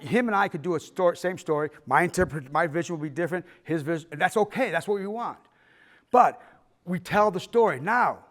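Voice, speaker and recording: A man's voice: on the high side, a bit bright. An older man teaching a filmmaking class in a casual, rambling way, stumbling and restarting as he tells stories and acts out the people in them. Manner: rambling storyteller who acts out quoted people. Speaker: filmmaking instructor. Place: fine arts center hall with a class.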